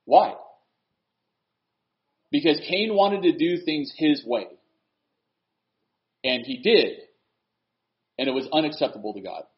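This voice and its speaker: A man preaching a sermon, swinging from loud, emphatic lines to hushed, earnest asides. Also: fairly high pitch, lo-fi sound.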